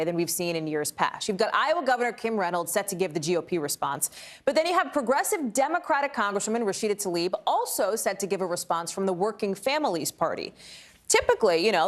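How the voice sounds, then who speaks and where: A woman anchoring a live news show, reading stories in a conversational way with chatty asides. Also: on the low side.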